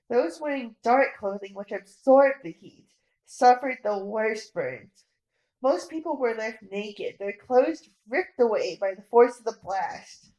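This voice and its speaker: A woman reads a storybook narration in a measured, serious manner, her voice high and her pace very slow. The recording sounds roomy and echoey. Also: a little mellow. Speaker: audiobook reader.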